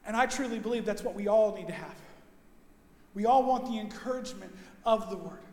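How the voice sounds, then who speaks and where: A male pastor delivering a sermon with emphatic preaching, his voice hoarse from overuse, swinging between loud and soft and slowing down to stress his points. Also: high voice. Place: church sanctuary. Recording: echoey church hall.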